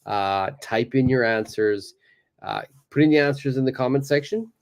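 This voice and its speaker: A man teaching in a live online lesson, relaxed and encouraging, with frequent "uh" fillers. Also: mid-range voice, normal speed. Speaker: English teacher.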